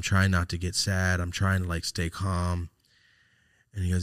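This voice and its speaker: Profane man, lowish voice. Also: completely flat delivery, unhurried, a bit bright, clean tone. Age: late 20s. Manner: rambling, profane, full of "like". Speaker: podcast host. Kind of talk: casual storytelling.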